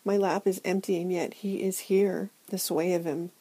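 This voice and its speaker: A woman narrating a novel in the first person, her voice low and mellow. She reads in a hushed, intimate, measured way. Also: fairly even intonation, breathy edge, poor audio. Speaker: audiobook narrator.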